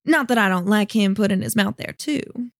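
A woman's voice: mid-range voice, moderate pace, dry recording, clean studio sound, lightly acted. A woman playing a sultry, coaxing seductress. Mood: seductive. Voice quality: soft and sultry, calls him honey and sugar. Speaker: voice actor. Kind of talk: audio drama acting.

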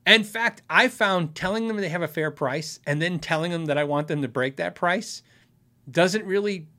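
A man's voice: sits high, normal speed, pushed and bright. A man hosting a casual livestream, answering viewer questions in a friendly, frank way and laughing often.

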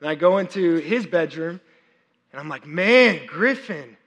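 A man in his thirties, a worship pastor preaching a sermon, chatty and animated with many fillers and restarts, audibly unwell and working to clear his throat. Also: a little high, normal speed. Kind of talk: sermon with personal storytelling. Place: church service. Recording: long reverb of a large hall.

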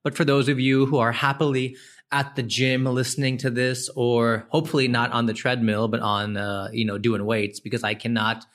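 A man's voice: mid-range voice, little pitch movement, moderate pace, fairly bright tone. A man with an Indian American accent hosting a casual solo podcast, chatty and joking with self-deprecating asides. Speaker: podcast host.

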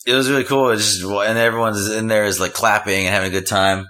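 Eager low-pitched man chatting on a podcast. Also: fairly even intonation, sharp tone. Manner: enthusiastic, halting, lots of fillers. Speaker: podcast co-host. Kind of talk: casual chat.

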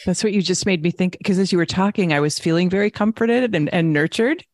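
A woman's voice: lowish voice, brisk, dry recording. Encouraging woman host. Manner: warm encouraging listener, short affirmations and laughs. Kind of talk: conversational interview.

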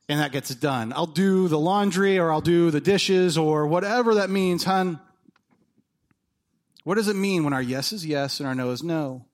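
A man's voice: a little high, normal speed. A man in his thirties preaching a sermon, telling personal stories and acting out the dialogue in them. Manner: animated storytelling, acts out dialogue. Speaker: pastor.

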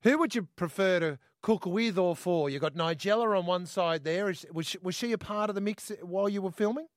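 A man's voice: high voice, fairly quick, dry recording, studio quality. A man co-hosting a radio show, teasing the guest in jokey banter. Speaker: radio co-host.

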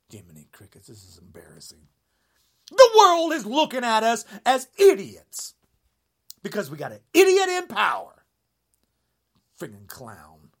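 A man in his sixties delivering an angry rant to camera, indignant and sarcastic, swinging between shouted jabs and low muttering. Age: 60s. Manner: mocking sarcasm. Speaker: vlogger.

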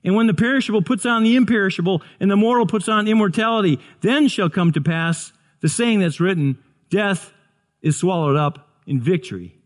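A man's voice: sits high, a little fast. A man preaching a sermon, earnest, often repeating and restarting words. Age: 60s. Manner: earnest, stumbling restarts, builds to excited shouts. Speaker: pastor.

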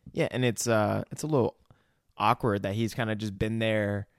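A man's voice: lowish voice, fairly even intonation, moderate pace, smooth, no room sound, clean studio sound. A man in a casual podcast chat, reacting bluntly and swearing freely as he adds his own take. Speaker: podcast co-host.

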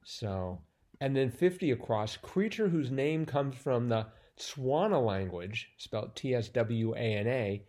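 A man's voice: medium pitch, expressive, unhurried, darkish tone. A man in casual chat about a crossword, rambling and restarting his sentences with lots of fillers, sounding sleepy. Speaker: crossword podcast co-host.

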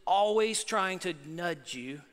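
A man preaching in a large hall, his high voice ringing out with a long reverb tail. He is emphatic and sharp-toned, and he keeps tossing rhetorical questions and asides to the congregation. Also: expressive, takes it slowly. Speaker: pastor. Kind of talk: sermon.

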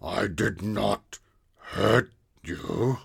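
A man's voice: on the low side, animated, gravelly, breathy edge, full character voice. Man growling as the Grobble, a warty green monster. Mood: puzzled. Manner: growling, slow menacing threats. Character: squat warty green male monster, angry and hungry.

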